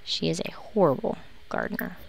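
A let's play host talks fairly quickly amid background noise and music, offering casual, sarcastic commentary on a life-simulation game. She keeps grumbling at her characters.

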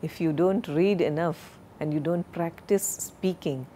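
Slow, deliberate woman lecturer. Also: sits low, dark tone, a little hiss or hum. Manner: slow, deliberate, drills word pronunciations. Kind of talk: recorded classroom lecture.

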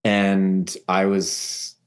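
A man, a podcast guest, telling a personal story with halting restarts and repeated phrases. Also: low voice, completely flat delivery.

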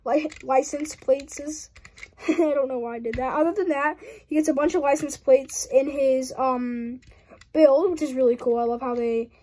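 Giggly high-voiced young woman rambling. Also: normal speed, warm tone. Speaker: hobby channel host. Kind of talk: casual build commentary.

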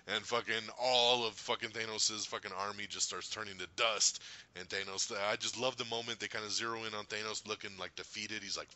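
A man hosting a podcast movie review, retelling scenes in an excitable, profanity-laced rush. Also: lowish voice, fairly quick. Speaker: podcast host. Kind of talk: casual movie review chat.

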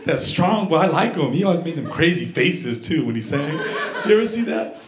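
A man's voice: fairly high pitch, animated, fairly quick. A middle-aged man doing a chatty stand-up comedy set, riffing and teasing the crowd on a club stage. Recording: echoey club with audience. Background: crowd laughter.

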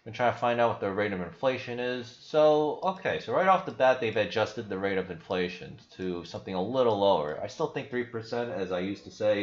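A man giving rambling, casual commentary over his screen as a crypto investing YouTuber, often tagging on "right?" and "you know". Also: fairly low pitch. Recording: dull lo-fi audio.

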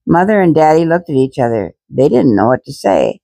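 Woman reader for a children's story, gentle, expressive, lively and gravelly. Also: sits low, brisk, few pauses, no echo. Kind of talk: reading a children's storybook aloud.

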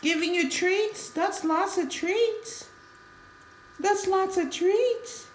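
Woman dog owner, very high and slow, coaxing pet baby talk, echoey room. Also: a little hiss or hum. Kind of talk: casual home video.

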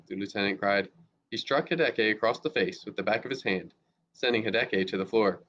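A man's voice: on the low side, fast talker, fairly bright tone. A male teacher reading a novel aloud steadily, with small slips now and then. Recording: dull lo-fi recording with faint hiss.

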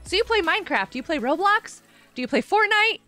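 High, giggly woman streamer. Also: very animated, a little fast, pushed and bright, soft background music. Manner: giggly, chatty, laughs often. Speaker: gaming live streamer. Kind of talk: casual live stream chat. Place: home room with carpet.

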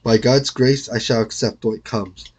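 A man reading aloud, voicing a calm, courteous knight. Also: medium pitch, unhurried, slightly rough. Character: brave, courteous male knight.

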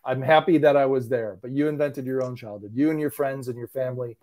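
A man's voice: mid-range voice, quick pace, a little mellow. A middle-aged man chatting as an interview guest, wry and self-deprecating, often restarting his sentences. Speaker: interview guest, animation creator. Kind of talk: casual interview chat.

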